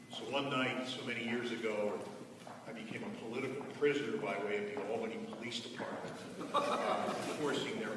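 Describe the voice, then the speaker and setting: Wry older man telling stories. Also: mid-range voice. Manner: wry, self-mocking storytelling. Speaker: alumnus speaker at a scholarship celebration. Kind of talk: humorous anecdotal speech. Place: large event hall. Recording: echoey hall, distant mic, background noise.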